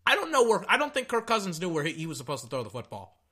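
A young man giving casual, rambling reaction commentary on a football game, excitable and tripping over his words. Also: sits high, fast talker, breathy edge. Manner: excitable, rambling, stutters and repeats himself.

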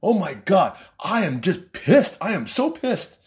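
A man's voice: high-pitched, big pitch swings, unhurried, pitched above the performer's own voice. A man doing a fuming, outraged young guy. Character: furious young male college student.

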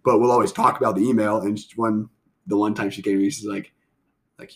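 A man's voice: on the low side, fast. A man hosting a family podcast, chatting casually and rambling with lots of fillers. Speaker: podcast host. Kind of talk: casual chat.

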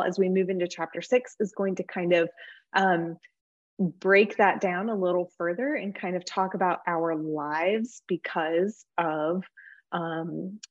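A woman leading a Bible study class, explaining and reading scripture in a relaxed, conversational way with frequent filler words. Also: fairly low pitch. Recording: dull lo-fi recording.

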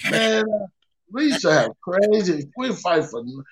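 A man's voice: high voice, sing-song, unhurried, rough recording. A man on a podcast telling family stories with heavy swearing, acting out his own reactions in casual chat. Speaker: podcast co-host.

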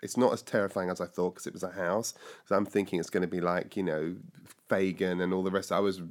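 Older english man, animated storyteller. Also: deep voice, brisk. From England. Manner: animated storyteller, acting out voices of people in his past. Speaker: guest telling his life story. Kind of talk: conversational storytelling.

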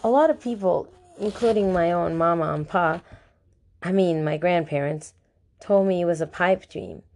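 In an audiobook reading, a woman with a lowish, slightly mellow voice close to everyday speech reads at a moderate pace over slight background noise. She voices an earnest teenage boy, a newly polished model, who speaks sincerely.

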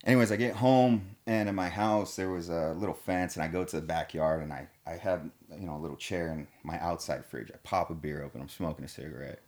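Low-voiced dude rambling thru a story, super casual, swears a ton, slangy and laid-back. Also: male voice, fairly even intonation, a little fast, hardly any pauses, a little mellow. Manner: laid-back, profane, slangy, says "dude" and "man" a lot.

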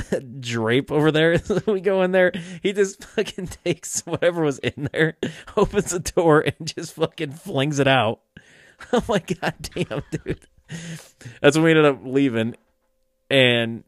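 A man's voice: medium pitch, dry recording, studio quality. A young man telling a long, rambling story in casual chat, with lots of fillers and swearing, often breaking into laughter.

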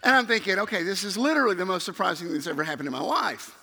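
A middle-aged man preaching with a bright, high, gravelly voice. He tells his story with animation and acts out the other people in it. His voice rings through a church hall with a long echo. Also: animated, very fast. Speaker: youth minister. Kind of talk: sermon storytelling. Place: church sanctuary. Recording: reverberant hall.

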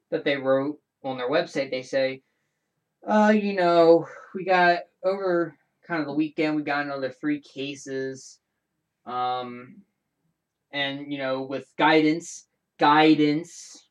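A man with a slightly raised speaking voice hosts his own show, talking casually and alone. He rambles from point to point, animated, backtracking and restarting his sentences as he goes. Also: a little high. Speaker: show host. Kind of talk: casual solo podcast chat.

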